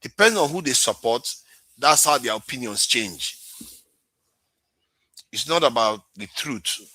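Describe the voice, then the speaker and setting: A Nigerian male host holds forth on a live political stream, ranting and sarcastic, and snapping back at commenters. His voice has a bright, forceful edge at a middle pitch. The sound is close and dry. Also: lively intonation, a little slow, no room sound.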